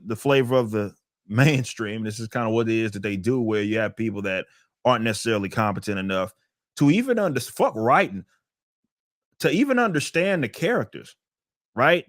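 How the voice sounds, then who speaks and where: A male podcast host talks emphatically, restarting sentences and swearing freely. His voice is mid-pitched and sits close and dry in the recording. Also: no echo. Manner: profane, emphatic, with frequent restarts. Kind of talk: casual podcast chat.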